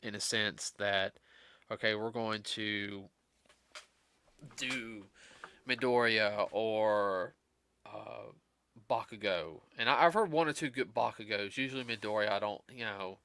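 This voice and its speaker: A tired man chats loosely on a podcast, his slightly low voice carrying a bright, forceful edge. He rambles, restarting sentences and padding them with fillers, all in a dry, close sound. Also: a little slow, gravelly, clear, resonant tone, no room sound. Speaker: guest host. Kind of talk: casual podcast chat.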